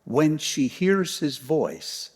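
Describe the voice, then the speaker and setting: Man, pastor, slightly high voice, unhurried sermon, dramatic swings to hushed near-whispers. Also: very animated, husky, big-room sound. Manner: storytelling, swinging from loud emphasis down to near-whispers; repeats key phrases for emphasis. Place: church sanctuary.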